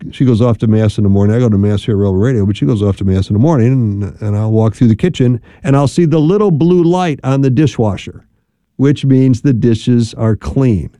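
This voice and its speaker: This is a middle-aged man speaking into a studio microphone on a radio show. His voice sounds very dark and mellow, and the sound is dry and close. He talks in a chatty, emphatic way and repeats words for stress. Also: medium pitch, no room sound. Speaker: radio host and marriage counselor. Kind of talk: casual radio talk with advice.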